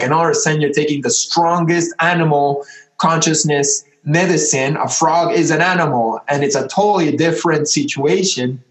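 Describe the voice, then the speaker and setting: A man talks through a story in a loose, rambling way, full of filler words, and slips into the voices of the people he quotes. His voice sits a little high for a man. The recording carries a noticeable room echo. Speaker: podcast guest, artist. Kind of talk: casual storytelling.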